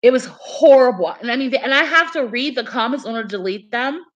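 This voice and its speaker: A woman's voice: sits high, brisk. A young woman chatting casually on a livestream, telling a story in a rambling way full of fillers. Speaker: livestream host.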